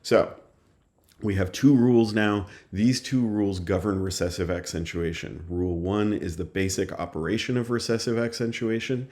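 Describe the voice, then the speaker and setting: A man's voice: on the low side, moderate pace, darkish tone. A man teaching a recorded lesson, explaining step by step in a patient, methodical way with frequent small fillers. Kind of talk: recorded lecture.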